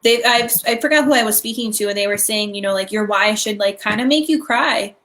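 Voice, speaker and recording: A young woman co-hosting a casual live stream chat, gushing and excitable, with lots of "like" fillers. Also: mid-range voice, fairly quick.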